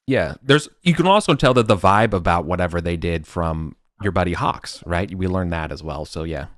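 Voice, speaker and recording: A man's voice: low-pitched, lively intonation, normal speed, fairly bright tone, dry recording, clean studio sound. A man running a tabletop game as game master, talking in a hesitant way with frequent restarts.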